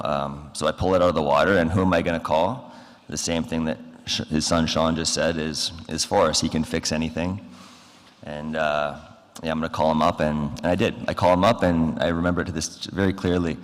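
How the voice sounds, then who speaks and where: Speaking at a memorial service, a man with a very deep, low voice and a Canadian accent gives a eulogy, telling stories haltingly with many fillers and acting out phone calls. The large hall around the podium microphone gives his voice a long reverb.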